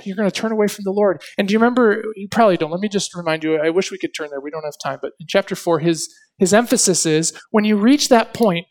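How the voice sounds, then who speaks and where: A male preacher giving an expository sermon, asking rhetorical questions and reading scripture with dramatic emphasis. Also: high voice.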